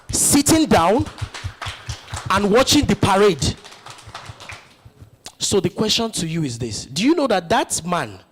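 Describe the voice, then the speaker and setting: There's a little hiss or hum behind this high-pitched Nigerian speaker. He delivers a rousing motivational conference speech, pressing the audience with rhetorical questions.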